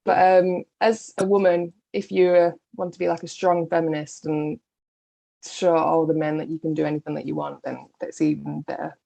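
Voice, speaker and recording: A woman's voice: sits low, little pitch movement, moderate pace, vocal fry, mellow. A woman butcher as a guest on an interview podcast, chatting casually and laughing often.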